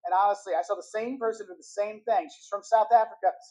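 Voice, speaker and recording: A man hosting a travel video, giving quick tips and acting out the lines of street hustlers. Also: high-pitched, low-quality recording. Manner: animated, acts out scammers' lines. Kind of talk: brisk travel-tips talk to camera.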